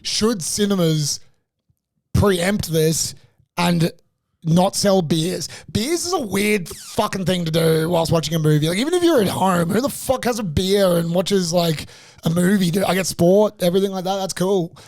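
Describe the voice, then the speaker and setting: A man's voice: high-pitched, normal speed, no room sound, clean studio sound. A young man, ranting through a funny story on a casual podcast, swearing constantly. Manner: animated, profane ranting storyteller. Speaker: podcast co-host.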